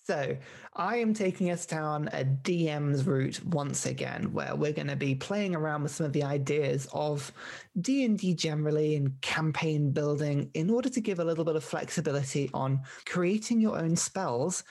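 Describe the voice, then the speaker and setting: A man's voice: fairly high pitch, normal speed, vocal fry, a little mellow. A man co-hosting a podcast, joking wryly and laughing often in casual chat. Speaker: podcast co-host.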